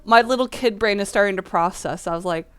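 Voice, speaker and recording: A woman's voice: mid-range voice, quick pace, clear, resonant tone. A woman telling a childhood story in a rambling, casual way while playing a game, with many fillers. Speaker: gaming channel host.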